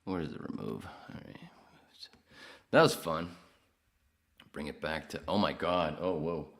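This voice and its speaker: A man's voice: a bass voice, moderate pace, creaky, fairly bright tone. A man hosting a podcast alone, reading the live chat aloud with crude, self-mocking jokes. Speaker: podcast host. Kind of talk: solo livestream chat reading.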